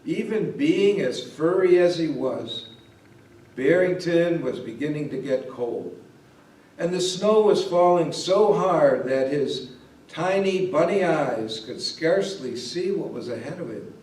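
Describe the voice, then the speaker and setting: Male pastor, storybook reader, slow pace; distant mic, roomy echo. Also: a little high, lively intonation, darkish tone. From Ohio, USA. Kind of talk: reading a Christmas story aloud. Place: church or parish hall.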